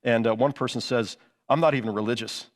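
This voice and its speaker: A middle-aged man preaching a sermon, his words tumbling out quickly and casually, full of restarts and little asides. His voice rings out in a hall with a long echo. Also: medium pitch, steady tone. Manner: conversational preaching with frequent restarts and "you know". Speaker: pastor.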